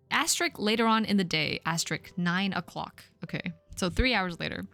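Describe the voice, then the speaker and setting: A woman in her thirties on a live stream, reading her old fan fiction aloud with self-mocking asides and squeaky sound effects. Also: animated, a little slow, pushed and bright, faint music behind. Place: home streaming setup.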